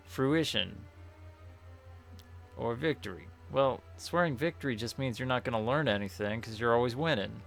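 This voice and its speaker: Over faint game music, a man gives casual let's-play commentary, reading the game's questions aloud and correcting himself as he rambles. He speaks at normal speed in a mid-range, creaky, fairly bright voice.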